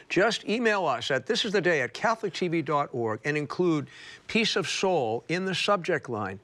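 A man's voice: on the high side, a bit bright. A man in his sixties, co-hosting a religious TV talk show, friendly and chatty. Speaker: TV co-host, priest.

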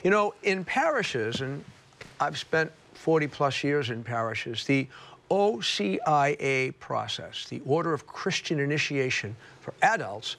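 A man's voice: a little high, a bit bright. Friendly older male co-host. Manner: friendly, chatty, folksy. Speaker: TV co-host, priest. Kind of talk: broadcast talk show hosting.

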